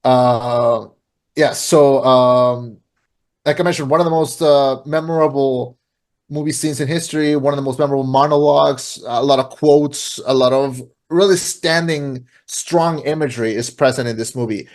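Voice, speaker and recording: A man's voice: mid-range voice, fairly even intonation, normal speed, a little mellow. Rambling man retelling a film. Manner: rambling, filler-heavy, many restarts. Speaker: podcast co-host. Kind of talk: casual chat, retelling a film plot.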